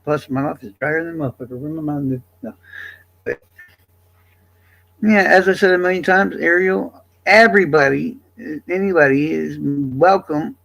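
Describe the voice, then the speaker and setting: A man with a high voice and vocal fry talks to his livestream chat, his defensive, profanity-laced rant staying casual. The loudness rises and drops throughout.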